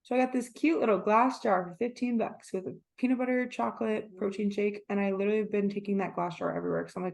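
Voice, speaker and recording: A young woman co-hosts a casual podcast, telling stories at a quick clip. Her voice has a gravelly fry, and she acts out what people said as she goes. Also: medium pitch, fairly even intonation, a little mellow. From Orlando area. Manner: chatty storytelling, acts out quotes. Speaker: podcast co-host. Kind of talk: casual chat.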